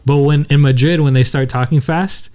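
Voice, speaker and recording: A man's voice: fairly high pitch, fairly even intonation, moderate pace, a little mellow, clear, resonant tone. A young man co-hosting a casual podcast, telling a travel story and acting out the voices of people he met. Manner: storytelling, acts out quoted voices. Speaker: podcast co-host. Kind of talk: casual chat.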